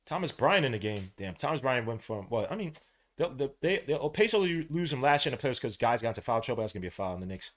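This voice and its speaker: A man, hosting a fan podcast and calling a live game, swinging from low muttering to loud shouting, full of slang. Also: very animated, fast. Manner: heavy slang, calls out plays between asides. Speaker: podcast host. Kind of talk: live fan watch-along commentary.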